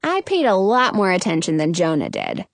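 A woman narrating a first-person children's story aloud, expressive and quick to burst into excited exclamations. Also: on the low side, gravelly, dry recording. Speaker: audiobook narrator.

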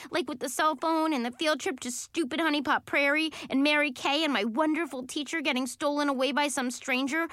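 Bright, animated woman narrating. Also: sits high, no echo, clean studio sound. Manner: animated, expressive. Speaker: audiobook narrator. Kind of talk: first-person children's book narration.

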